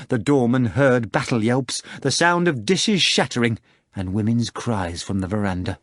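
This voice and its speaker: A man narrating an audiobook with an expressive, dramatic read. His voice sits at a middle pitch, recorded close and dry. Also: moderate pace, dry recording. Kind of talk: scripted narration.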